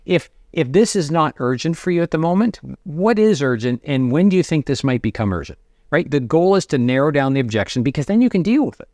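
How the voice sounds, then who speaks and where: A middle-aged man coaching sales to camera, conversational and energetic, acting out sample lines to prospects. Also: on the high side, brisk, no echo, clean studio sound. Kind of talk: direct-to-camera coaching talk.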